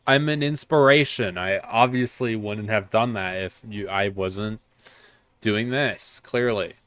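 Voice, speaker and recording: A male game streamer with a somewhat low voice talks through his play in loose, casual commentary. He rambles, trails off and makes fun of himself in a jokey way. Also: a little slow, fairly bright tone, no echo. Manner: rambling, self-mocking, jokey.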